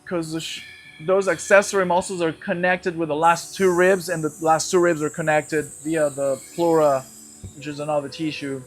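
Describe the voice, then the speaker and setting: A man's voice: fairly high pitch, steady tone, normal speed, faint music behind. A man teaching a guided breathing lesson, explaining each step and checking in with his class as he goes. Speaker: breathwork instructor.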